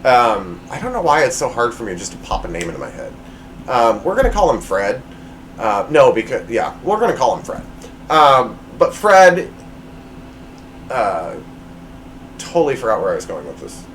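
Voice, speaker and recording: A man's voice: mid-range voice, sing-song, moderate pace, long pauses, fairly bright tone, a little hiss or hum, poor audio. A man hosting his own podcast, telling a personal story in a rambling, self-deprecating way with lots of fillers and restarts, recorded at home. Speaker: podcast host.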